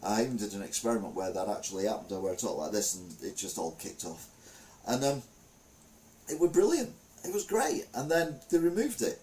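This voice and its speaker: A man's voice: fairly low pitch, big pitch swings, a little fast, dark tone. A middle-aged man chatting casually as a show host, rambling with lots of fillers. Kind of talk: casual chat.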